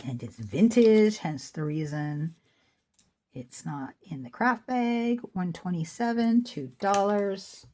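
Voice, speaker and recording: A woman's voice: on the low side, expressive, takes it slowly, darkish tone. A middle-aged woman chatting casually as she shows jewelry for sale at home, rambling off into asides. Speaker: online jewelry seller. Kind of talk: casual chat while showing jewelry. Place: home room with a squeaky chair.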